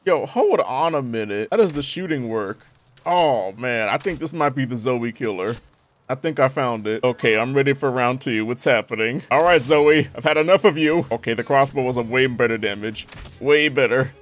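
A young man giving lively gameplay commentary, talking to the game characters with frequent exclamations. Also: medium pitch, normal speed. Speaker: gaming YouTuber.

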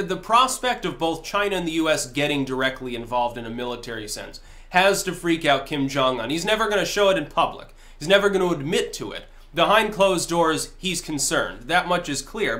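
A man's voice: fairly high pitch, bright, forceful tone. A man giving casual solo political commentary, blunt and profane, now and then acting out quoted voices in a sentence or two.

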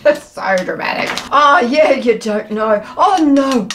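A woman's voice: a little high, expressive, unhurried, slight background noise. Bubbly woman reviewing snacks. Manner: enthusiastic, playful, savoring sounds. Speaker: food taste-test vlogger. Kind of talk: casual chatty food review.

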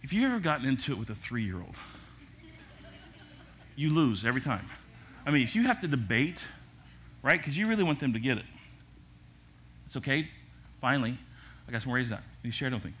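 Older male pastor preaching lively. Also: mid-range voice, a little fast, long pauses, slight background noise. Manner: lively preaching with jokes and asides. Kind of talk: sermon. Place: church service.

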